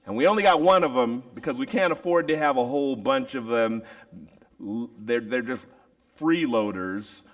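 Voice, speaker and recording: A man's voice: mid-range voice, normal speed, recorded from a distance. A man preaching a storytelling sermon in a theatrical way, with sound effects and acted voices.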